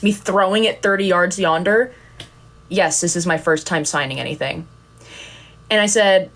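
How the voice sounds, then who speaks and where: A woman's voice: on the low side, moderate pace, pauses often, fairly bright tone. A young woman chatting casually on a livestream, telling rambling, giggly, self-deprecating stories. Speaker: content creator on a livestream.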